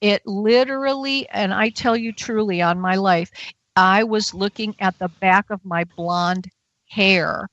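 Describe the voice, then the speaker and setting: A woman guest on a talk show tells a personal story at a slow, unhurried pace. Her voice is dry and close on a dull, muffled line. She acts out her own panicked inner voice as she goes. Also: mid-range voice, dry recording. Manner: animated storytelling, acting out her own frightened thoughts.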